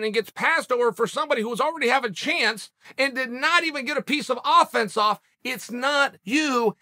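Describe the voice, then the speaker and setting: A man's voice: extremely high pitch, bright, forceful tone. A man hosting a sports podcast, giving a casual commentary monologue with emphatic, punchy rhetorical delivery. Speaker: MMA podcast host.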